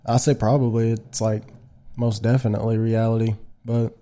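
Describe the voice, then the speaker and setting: A man's voice: fairly low pitch, level tone, normal speed, warm tone. A man hosting a casual podcast chat, talking candidly and restarting his sentences often. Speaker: podcast host.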